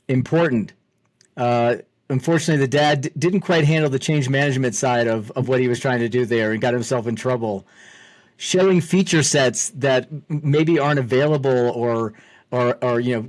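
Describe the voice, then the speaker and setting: Chatty, upbeat man co-host, middling pitch. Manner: upbeat and chatty, with stumbling restarts. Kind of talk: casual business podcast chat.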